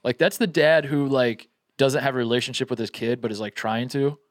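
A man's voice: medium pitch, fairly quick, no room sound, studio quality. A man co-hosting a podcast, chatting casually about sports with jokes and many restarts. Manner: rambling, many restarts, jokey. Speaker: podcast co-host.

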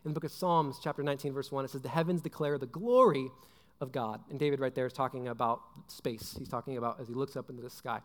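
A man's voice: medium pitch, fairly even intonation, fast. A young adult man giving a casual sermon, chatty and full of fillers like "like" and "right?". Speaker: preacher. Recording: long hall reverb.

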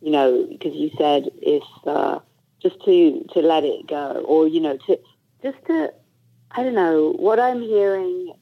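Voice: mid-range voice, measured pace, gravelly. A host reflecting back on a guest's story, searching for words with many "you know"s. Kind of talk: reflective podcast conversation. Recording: dull lo-fi recording.

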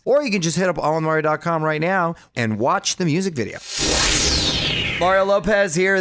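A man hosts an entertainment radio show with breezy, playful banter. His voice sits fairly high, and the studio sound is dry and close. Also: fairly bright tone, dry recording. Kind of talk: upbeat entertainment radio hosting.

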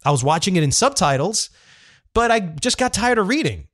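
A man's voice: high voice, fairly quick, no echo, studio quality. A man co-hosting a podcast in casual chat, blunt and profane, firing off rhetorical questions. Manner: animated, blunt, swears, fires off rhetorical questions. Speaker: podcast co-host.

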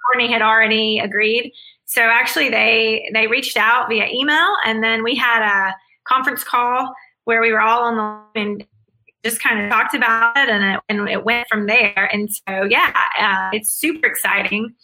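A woman's voice: fairly high pitch, steady tone, moderate pace, pushed and bright, low-quality recording. A woman speaking as an interview guest, answering in an earnest, upbeat way with frequent restarts.

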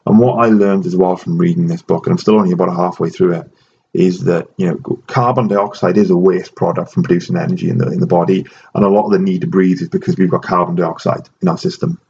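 A man with a very low, gravelly voice talks through ideas in a casual podcast chat, often restarting his sentences. The audio is dull and carries a faint hiss. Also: fast, a little mellow. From Ireland. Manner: chatty, restarts often, explaining. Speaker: host.

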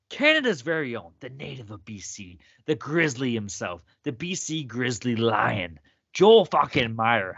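A man hosting a sports podcast, hyped and teasing, with a higher voice that swings widely. The sound is dry and dull, with a lo-fi quality. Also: fairly bright tone, dry recording. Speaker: podcast host. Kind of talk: casual sports chat.

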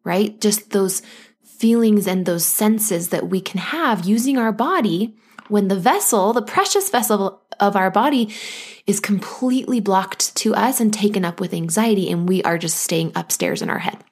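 As a postpartum coach hosting a podcast, a woman reassures her listeners in a soft, gentle way while voicing anxious thoughts in rapid asides. Her mid-range voice has lively intonation and a breathy edge.

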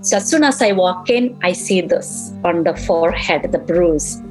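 A woman's voice: lowish voice, lively intonation, normal speed, faint music behind, poor audio. A middle-aged woman, a grieving mother in an interview, recounting events and acting out the dialogue she remembers. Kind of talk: emotional personal recollection.

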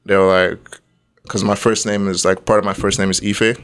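A man's voice: deep voice, flat delivery, moderate pace, fairly bright tone, clean tone. A young man from Nigeria, the guest, telling a story in casual chat and laughing often along the way.

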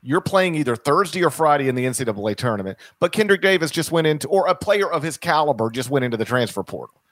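On a sports podcast, a male co-host talks loosely, restarting often and using many fillers. He speaks fast with lively intonation in a slightly bright, high-leaning voice, recorded dry with clean studio sound.

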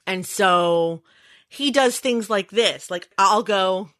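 A woman co-hosting a casual podcast chat, telling animated family stories and acting out the voices in them. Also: medium pitch, takes it slowly, dry recording. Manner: chatty storyteller, acts out voices in anecdotes. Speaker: podcast co-host.

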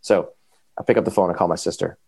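Male podcast guest, deep rough voice, rapid casual storytelling, dry close sound. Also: no room sound. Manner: animated, quick, full of fillers.

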